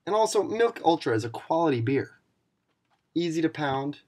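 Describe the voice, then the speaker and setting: A man's voice: a little high, expressive, normal speed, a little mellow. A young man in a profane, mock-angry comedic rant to camera, playing a league commissioner who insults his fellow video makers with sarcasm.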